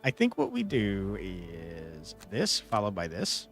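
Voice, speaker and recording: A man's voice: low voice, wildly swooping pitch, slow. A young man streaming a tactics game, chatting casually and swearing playfully, with bursts of mock outrage. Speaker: gaming streamer. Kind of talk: casual gameplay commentary. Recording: faint background game music.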